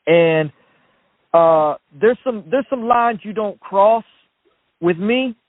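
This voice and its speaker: A man's voice: high voice, lively intonation, slow, no echo. Furious man ranting down a phone line. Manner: furious, profane, heated. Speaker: caller. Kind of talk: angry call-in rant.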